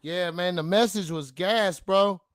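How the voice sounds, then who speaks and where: A man hosting a casual livestream, talking in loud, slangy bursts as he greets the chat. His voice sits a little high. The sound is dry, with no room around it. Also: a little slow, dry recording. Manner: hyped, slangy, shouting out the chat. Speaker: livestream host and DJ.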